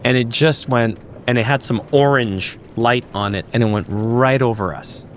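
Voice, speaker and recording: A man's voice: mid-range voice, normal speed, a little hiss or hum. A man, a podcast guest and investigator, recounting a strange sighting in an emphatic way, often restarting and searching for words.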